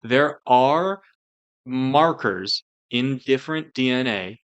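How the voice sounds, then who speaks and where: A man's voice: medium pitch, animated, takes it slowly, clean tone, muffled recording. Rambling man co-hosting a podcast. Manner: rambling, heavy with "like" and "you know". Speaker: podcast co-host. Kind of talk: casual podcast discussion.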